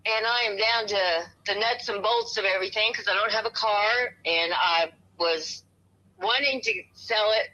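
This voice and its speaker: A woman in her fifties talks on a phone call in a very bright, sharp voice. She is cold and shivering, and she rambles, circling back and restarting her sentences. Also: medium pitch, normal speed. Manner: rambling, meandering, with many restarts and soft laughs. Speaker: home seller on a phone call.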